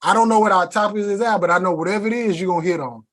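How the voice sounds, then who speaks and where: High-voiced podcast host. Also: male voice, racing, a bit bright. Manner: loose, repetitive restarts, slangy. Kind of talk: casual podcast chat.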